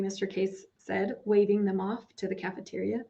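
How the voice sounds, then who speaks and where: A woman narrates a story in a measured, storytelling manner. Her voice is mid-pitched. The recording is a little dull and lo-fi. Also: vocal fry. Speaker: audiobook narrator. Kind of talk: scripted narration.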